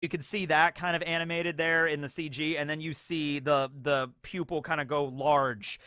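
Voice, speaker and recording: A man casually recapping a show episode in an animated way, often acting out scenes. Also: on the high side, normal speed, clean tone, dry recording, studio quality. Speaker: YouTube show reviewer.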